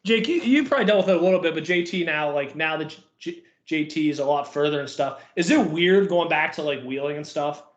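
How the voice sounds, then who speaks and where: A man's voice: a little high, fairly quick, hardly any pauses, echoey room, highs cut off. A young man co-hosting a podcast, chatting casually and rambling with lots of fillers. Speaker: podcast co-host. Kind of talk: casual chat.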